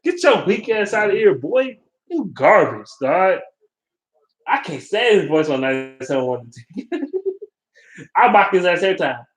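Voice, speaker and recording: A man ranting casually and profanely about football, animated and blunt, as a vlogger. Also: sits high, moderate pace, long pauses. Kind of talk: casual sports rant. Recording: roomy echo.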